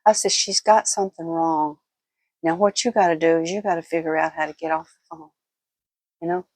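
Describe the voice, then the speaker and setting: A woman's voice: sits low, fairly even intonation, brisk, a little mellow, no room sound. Older woman, folksy and chatty. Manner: chatty, folksy, laughs often. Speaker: vlogger. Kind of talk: casual storytelling vlog.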